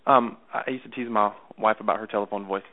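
A man's voice: lowish voice, fairly even intonation, fast. A man coaching someone over the phone in a chatty way, often repeating himself and checking that he is understood. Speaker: sales coach. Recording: tinny phone line.

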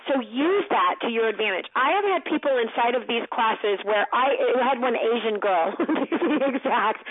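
High-voiced, husky woman sales coach. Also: expressive, normal speed, hardly any pauses. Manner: direct, encouraging, laughs often. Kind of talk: coaching feedback. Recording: tinny phone line.

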